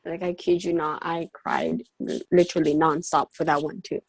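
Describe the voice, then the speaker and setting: A woman's voice: sits low, sing-song, normal speed, breathy edge, no echo, rough recording. A woman co-hosting a podcast, chatting casually and earnestly about books. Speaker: podcast co-host. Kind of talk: casual book chat.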